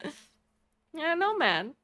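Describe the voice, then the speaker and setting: A woman's voice: extremely high pitch, takes it slowly, no echo. A young woman from Italy, a streamer, chatting casually with viewers and telling stories with a lot of laughter. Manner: animated storytelling, laughs often.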